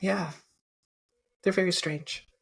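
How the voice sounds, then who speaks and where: A woman's voice: on the low side, fairly even intonation, slow pace, vocal fry, slightly rough. A woman guest on a podcast interview, chatting candidly with blunt humor. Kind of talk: casual interview chat.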